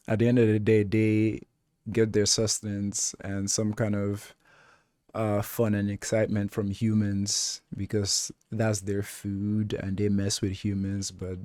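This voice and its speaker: Slow, laid-back man rambling. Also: lowish voice, darkish tone, no room sound, clean studio sound. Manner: laid-back, rambling, many filler words. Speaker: reaction video host. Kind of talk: casual TV reaction commentary.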